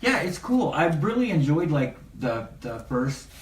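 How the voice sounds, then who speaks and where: A man's voice: on the high side, big pitch swings, a little slow. A man co-hosting a podcast, chatting eagerly about comics in a rambling way with frequent laughs. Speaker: podcast co-host. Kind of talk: casual chat about comics. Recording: roomy, distant mic, faint noise.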